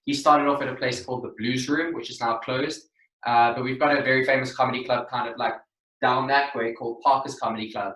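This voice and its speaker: A South African man hosting a podcast, talking in a relaxed, easygoing way. His voice is bright and comes from a little way off the mic. The room around him rings with echo. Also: medium pitch, a little fast, recorded from a distance. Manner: relaxed, lots of filler "like", laughs easily. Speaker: podcast host. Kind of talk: casual podcast conversation.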